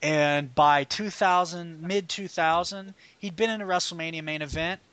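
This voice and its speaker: Male podcast host, higher-pitched, dry close sound; brash, profane, opinionated, argues hard in loose chat. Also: normal speed, clean tone, no echo. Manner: animated, often mimics people mid-story.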